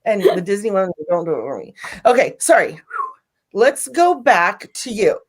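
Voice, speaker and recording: A woman's voice: medium pitch, moderate pace. A woman hosting a live stream, chatting casually with a guest and gushing over viewer comments. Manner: bubbly, gushing, animated. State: teary, emotional.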